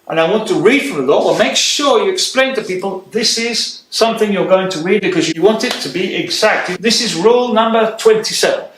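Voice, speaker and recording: A man teaching presentation skills to camera, brisk and direct, often checking in with "okay?" while holding a microphone. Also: high voice, a bit bright. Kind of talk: lecture to camera. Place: room with a writing board. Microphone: handheld microphone. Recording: echoey room.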